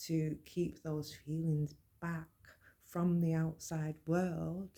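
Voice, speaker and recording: A woman talks through her own experience in an earnest, plain-spoken monologue. Her voice is very dark and mellow, with a steady gravelly fry under it. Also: low-pitched, slow. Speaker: podcast host. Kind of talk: personal monologue on mental health.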